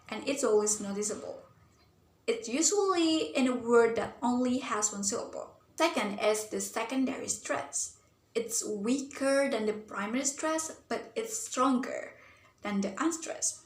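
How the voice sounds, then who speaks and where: A young woman with a somewhat high voice walks through a class topic as a student presenter. She sounds earnest and thinks aloud, often pausing on "um" and "like". The room carries a noticeable echo. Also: fairly bright tone. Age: young adult. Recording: roomy echo.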